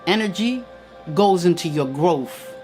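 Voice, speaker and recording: A woman's voice: on the low side, animated, unhurried, a little mellow, faint music behind. Emphatic preaching woman, live stream. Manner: emphatic and preacherly, repeats key lines. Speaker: spiritual teacher hosting a live stream. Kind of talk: live-stream motivational talk reading viewer comments.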